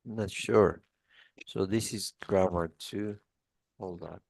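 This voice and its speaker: A man with a very low, gravelly voice works through a test review with a student. He explains patiently, restarting often and leaning on "like." The sound is dry and close, as on a video call. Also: steady tone, takes it slowly, darkish tone, dry recording. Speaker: English test tutor. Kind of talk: one-on-one lesson review.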